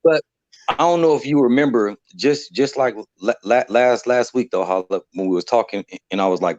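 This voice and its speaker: A man on a live stream discussion, talking in an animated, profane way and laughing often. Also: medium pitch, moderate pace, dry recording. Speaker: livestream panelist. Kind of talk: heated casual discussion. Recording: dry, dull lo-fi sound.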